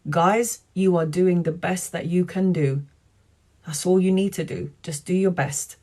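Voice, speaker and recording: A woman tarot reader talking earnestly to viewers on a live stream, in a chatty, warm-hearted way. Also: fairly low pitch, fairly even intonation, measured pace. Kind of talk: live-stream spiritual talk.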